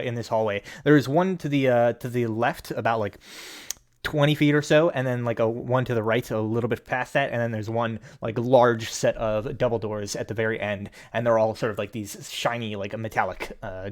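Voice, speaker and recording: A man's voice: mid-range voice, moderate pace. A man narrating as game master of a tabletop game, describing scenes loosely with many fillers.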